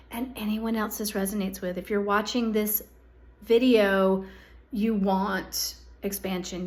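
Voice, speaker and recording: A woman giving a direct-to-camera psychic energy forecast, earnest and coaxing, often checking in with "okay?" as she speaks straight to the listener. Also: on the high side. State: hiccups.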